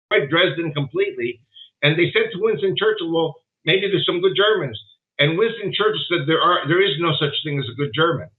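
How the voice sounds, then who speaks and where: Emphatic man on a tinny line. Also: on the high side. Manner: emphatic, digressive storytelling. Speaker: guest commentator. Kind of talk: interview by remote call.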